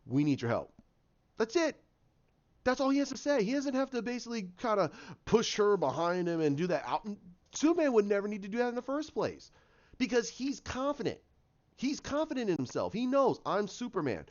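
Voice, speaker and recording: A man giving a casual, animated review of a TV episode, ranting, swearing and acting out the characters' lines. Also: sits high, muffled recording. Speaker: YouTube show reviewer.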